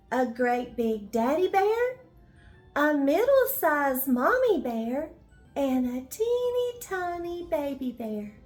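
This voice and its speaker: An older woman reading a children's bedtime story, gently asking the listening children questions as she goes. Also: extremely high pitch.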